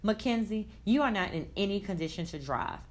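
A woman reading aloud, voicing a young female best friend who speaks in a calm, reassuring way. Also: medium pitch, brisk, close to an everyday voice.

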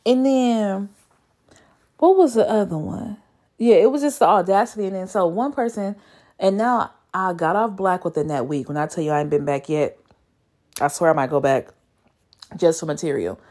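A young woman telling a dating story in a casual vlog, profane and exasperated, with her voice leaping up in disbelief. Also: moderate pace. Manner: animated, profane, exasperated storytelling with sudden high squeals of disbelief. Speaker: vlogger.

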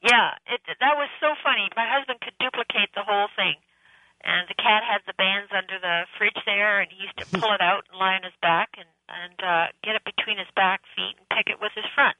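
A woman's voice: medium pitch, brisk, no echo. A woman from Canada calling a radio show, chatty and joking as she tells a story. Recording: tinny phone line.

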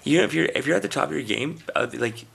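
A man's voice: fairly high pitch, expressive, fast talker, vocal fry, fairly bright tone, breathy edge. A man from India chatting casually on a podcast, telling rambling stories and acting out quoted voices. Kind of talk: casual chat.

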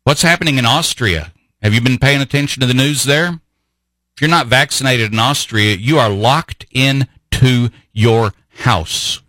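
A man's voice: mid-range voice, bright, forceful tone, no room sound, low-quality recording. A man hosting a talk radio show, delivering an impassioned political monologue full of rhetorical questions. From grew up in Vienna.

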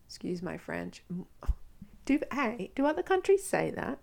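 A woman's voice: medium pitch, sing-song, normal speed, vocal fry, darkish tone. An Australian woman hosting her own podcast, talking casually and frankly, swearing freely as she chats to listeners. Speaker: podcast host. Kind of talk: casual solo podcast talk.

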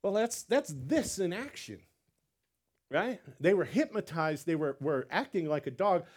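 A man preaching a sermon as pastor, animated, repeating words and acting out quotes. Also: high-pitched, measured pace, husky.

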